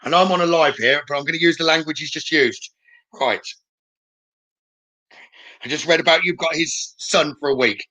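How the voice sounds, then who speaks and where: A man giving chatty live-streamed spirit readings as a psychic medium, often checking in with a quick "okay?". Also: a little high, pushed and bright. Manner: chatty, relays messages with frequent "okay?".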